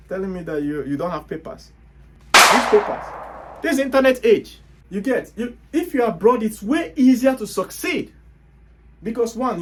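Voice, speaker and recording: A man's voice: high voice, a little mellow. A Nigerian man with a Nigerian accent, hosting a motivational monologue and hammering his points home with rhetorical questions. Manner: emphatic, hectoring, rhetorical questions. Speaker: host.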